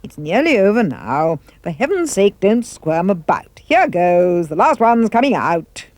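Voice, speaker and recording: A woman voicing a gleeful, pompous male dentist in a story reading, in a brisk, bossy manner. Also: mid-range voice, very animated, a little mellow, no room sound.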